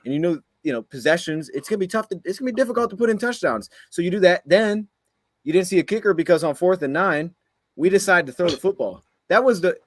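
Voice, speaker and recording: A man's voice: sits high, lively intonation, quick pace, dry recording. A man co-hosting a sports podcast, ranting heatedly after a game and firing off frustrated rhetorical questions. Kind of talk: heated post-game rant.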